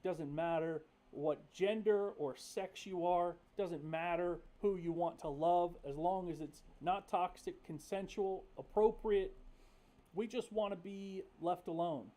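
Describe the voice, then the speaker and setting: High-voiced casual livestream host man. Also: measured pace, warm tone. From North Carolina. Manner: candid, profane, rambling with fillers.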